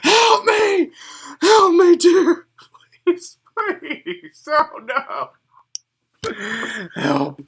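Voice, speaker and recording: A man's voice: very high voice, unhurried, long pauses, a bit bright, voice pushed up. A man doing a frantic, stammering elf. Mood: screaming panic. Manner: frantic, stammering, breathless pleading. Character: raggedy panicked male elf, mud-soaked.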